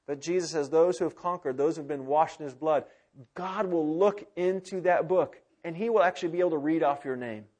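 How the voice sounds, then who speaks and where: Pastor, male, fairly high voice; impassioned sermon delivery, loud to hushed. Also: brisk. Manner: impassioned preaching, swinging from loud urgency to hushed intimacy. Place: church sanctuary with congregation.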